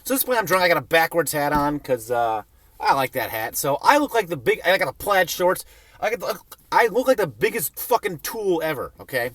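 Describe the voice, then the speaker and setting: Animated, profane young man telling a story. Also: a little high, brisk, no echo. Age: young adult. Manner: profane, self-mocking, animated. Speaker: vlogger telling a personal story. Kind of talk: rambling comic storytelling.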